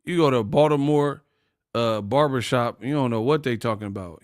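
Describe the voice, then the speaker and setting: A man's voice: medium pitch, normal speed, no echo, studio quality. A man hosting a casual boxing livestream, laughing often and trash-talking his chat readers.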